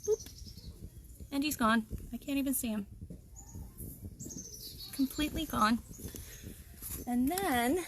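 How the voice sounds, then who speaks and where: A slightly high-pitched woman leads a live nature lesson for children outdoors beside a pond. She explains things cheerfully and keeps turning to her audience. A faint hiss of noise sits under her voice. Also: slow, long pauses. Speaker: wildlife educator.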